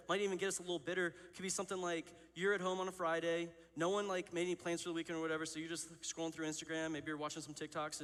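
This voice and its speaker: Here the thirtyish student pastor again speaks quickly and loosely to students, his a-bit-high voice coming across a little bright. He shares personal stories with plenty of fillers, laughs at himself often, and stays candid and self-deprecating while a long hall reverb trails each phrase.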